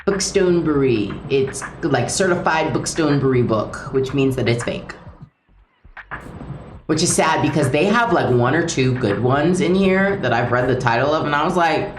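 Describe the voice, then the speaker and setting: Low-voiced, lively woman streamer. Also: normal speed, a little hiss or hum. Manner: chatty, giggly, thinks aloud. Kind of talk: casual gameplay commentary. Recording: roomy echo with clear game music.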